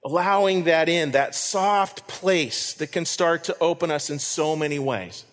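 A man's voice: a little high, measured pace. A man preaching a sermon as pastor, earnest, repeating key lines for emphasis. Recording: reverberant hall.

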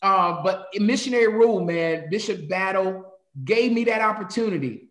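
A man from North Carolina, a pastor telling stories as a guest with a lively preacher's cadence. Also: high-pitched, brisk, few pauses, reverberant. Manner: animated storyteller, shifts into sermon cadence. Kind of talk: conversational interview, preacherly.

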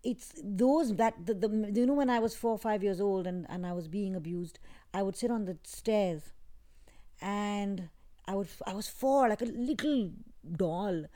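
A woman as an interview guest, talking in a soft, halting, reflective way with many restarts. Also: mid-range voice. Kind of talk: emotional personal interview. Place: in England.

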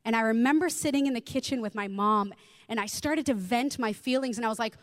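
A woman preaching a sermon, reading scripture and telling a personal story in an expressive way that acts out the voices she quotes. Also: on the high side, fairly quick, in a large hall.

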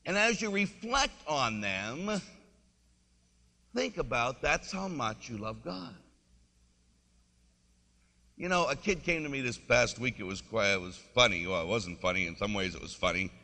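Bright-voiced priest preaching in a church hall. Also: male voice, medium pitch, lively intonation, a little slow, long pauses. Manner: conversational, storytelling, leads congregation in repeating a phrase. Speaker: Catholic priest. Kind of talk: sermon.

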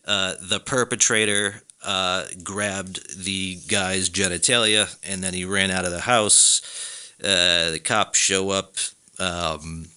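A man hosting a podcast, ranting in a casual comic monologue, swearing often and mocking people in high put-on voices. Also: slow pace, clear, resonant tone. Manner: animated, profane, laughs often, slips into high mocking voices. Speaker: podcast host.

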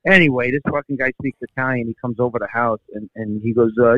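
A man's voice: medium pitch, fast, no echo, phone-quality sound. A man, a comedian calling in as a guest, telling profane stories in casual chat and laughing often. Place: dry room, remote call-in.

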